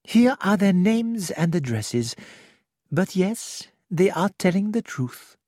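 A reader playing an excitable, precise detective. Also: medium pitch, slow pace, dry recording, clean studio sound, pitched above the performer's own voice.

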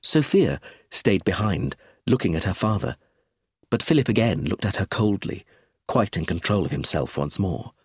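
Male storybook narrator, husky tone, lively pitch, dry close sound. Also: moderate pace, no room sound. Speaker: audiobook narrator.

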